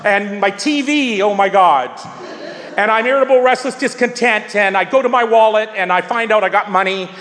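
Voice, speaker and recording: A man's voice: high voice, normal speed, a bit bright, big-room sound. A man sharing his story at a recovery meeting, talking in an emphatic, repetitive, preaching way. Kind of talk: sharing at a twelve-step meeting.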